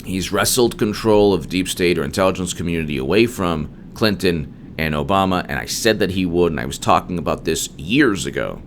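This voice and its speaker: A man's voice: deep voice, expressive, normal speed, few pauses, slight background noise. A man hosting a solo political commentary monologue, emphatic and digressive, with frequent restarts.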